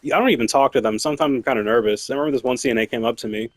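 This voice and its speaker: A young man chats loosely while he plays, piling up fillers and curse words and breaking into laughs. His voice sits at an ordinary pitch. The sound is dry and close, with no room around it. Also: rapid-fire, no room sound. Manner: rambling, profane, laughs often, many fillers. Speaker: streamer. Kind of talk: casual storytelling while gaming.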